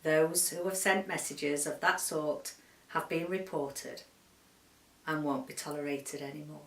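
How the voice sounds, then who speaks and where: A woman book vlogger from the UK reading a short story aloud in a quiet, measured, subdued way. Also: low-pitched, steady tone, distant mic. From United Kingdom. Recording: roomy echo, voice set back from the mic.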